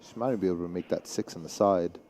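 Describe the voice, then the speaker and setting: Man, thick New York City accent, mellow voice, chatty and rambling, casual pool commentary. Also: deep voice, quick pace, a little hiss or hum. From Staten Island, New York City. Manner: chatty, rambling, with many restarts. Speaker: guest commentator.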